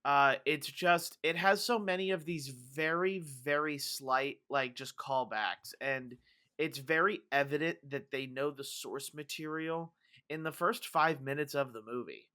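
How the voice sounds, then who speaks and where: A man with a somewhat high, bright voice chats on a gaming podcast. He hesitates and stumbles through his sentences, often restarting his thoughts. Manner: hesitant, halting phrasing. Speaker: podcast co-host. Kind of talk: casual gaming podcast chat.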